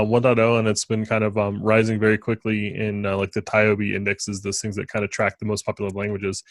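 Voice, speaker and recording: Low-voiced man, dry close mic. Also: no echo. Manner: rambling, many fillers. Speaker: podcast co-host. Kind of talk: casual tech chat.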